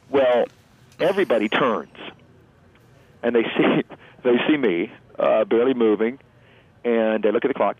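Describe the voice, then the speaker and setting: A man guest earnestly telling a personal story in a halting, emotional way, heard over a phone-like line. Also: medium pitch, breathy edge, no room sound. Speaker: interview guest. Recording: phone-like narrow line, dry.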